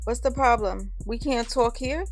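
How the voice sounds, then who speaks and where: A woman's voice: on the high side, measured pace, soft background music. A woman voicing a menacing young male rival who taunts in a sarcastic way. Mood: taunting.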